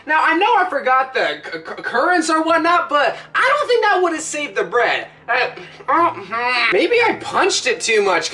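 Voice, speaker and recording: A woman hosting a casual cooking vlog, talking in a playful, joking way with excited exclamations. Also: high voice. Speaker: cooking video host.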